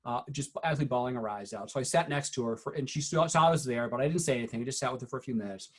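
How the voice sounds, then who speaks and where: A middle-aged man speaks in a husky, mid-pitched voice as he leads a training session for teachers. He tells true stories from his school years earnestly and often pauses to restart his sentences. His tone stays quiet and serious when he recounts hard moments. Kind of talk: recorded training talk with personal stories.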